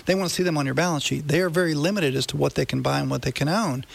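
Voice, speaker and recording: A man's voice: fairly high pitch, rapid-fire, vocal fry, husky. A man hosting a radio finance show, explaining things in a conversational way and checking that listeners follow. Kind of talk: casual radio talk.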